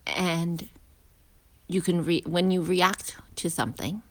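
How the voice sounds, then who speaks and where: A woman who is a healing practitioner and a parent gives a casual spoken lesson as she walks outdoors to school. Her voice is on the low side with fairly even intonation, and she sounds reflective, pausing, restarting, and dropping into hushed asides.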